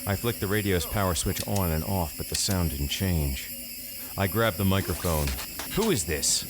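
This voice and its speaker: Low-voiced man telling a horror story. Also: music in the background. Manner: measured, deadpan first-person telling. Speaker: narrator. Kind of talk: scripted horror story narration.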